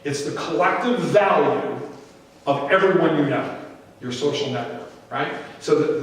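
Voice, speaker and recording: A middle-aged man with a fairly high voice gives an animated conference talk and slips into anecdotes. He sounds far from the mic, and his voice rings out with a long hall reverb. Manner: storytelling, animated, acts out quoted voices. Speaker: conference speaker. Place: large hall. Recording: echoey hall, distant mic.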